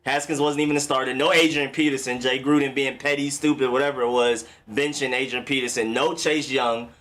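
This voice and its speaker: A young man hosts a football live stream in a medium-pitched, fairly bright voice, speaking fairly quickly with fairly even intonation. His talk is loose, slangy and chatty, and he greets viewers by name.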